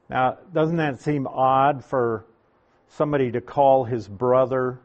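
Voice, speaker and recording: A medium-pitched man preaches a sermon, working through a Bible passage verse by verse. His delivery is deliberate and emphatic.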